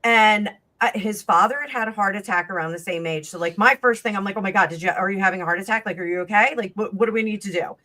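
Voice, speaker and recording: A woman telling a long personal story in casual chat, rambling and animated, acting out the voices of the people in it. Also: medium pitch, quick pace, hardly any pauses. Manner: rambling, animated, acts out quoted dialogue. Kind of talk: casual storytelling on a live stream.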